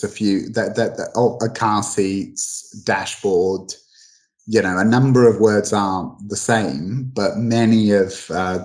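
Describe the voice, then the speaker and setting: Low-voiced male guest, halting explainer with many restarts, casual talk. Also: a little mellow, low-quality recording. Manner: halting, full of restarts and fillers. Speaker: guest expert on English dialects.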